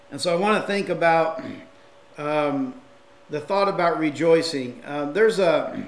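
In a reverberant space, a man with a fairly high voice preaches a sermon and reads scripture aloud. His delivery is conversational, with frequent fillers and restarts.

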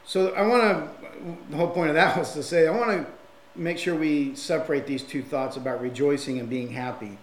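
A man's voice: on the high side, a little fast, echoey room, slight background noise. A man preaching a sermon and reading scripture aloud, in a conversational manner with frequent fillers and restarts.

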